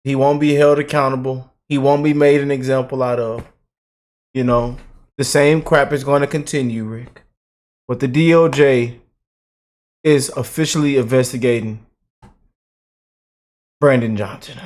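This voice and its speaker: A man hosting a reaction channel, giving heated political commentary in an animated, exaggerated way, swinging between loud outrage and low mock-pleading mutters. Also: unhurried, long pauses.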